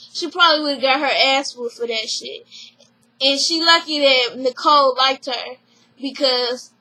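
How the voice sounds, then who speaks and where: A woman's voice: high voice, pushed and bright, poor audio. A woman casually recapping a reality show, acting out the quotes, blunt and profane.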